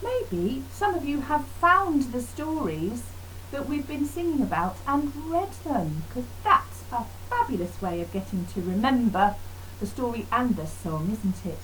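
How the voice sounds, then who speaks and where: A woman teaching a lively online music lesson to young children, encouraging and sing-song. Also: a little high, a little slow, slight background noise, low-quality recording. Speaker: primary school music teacher.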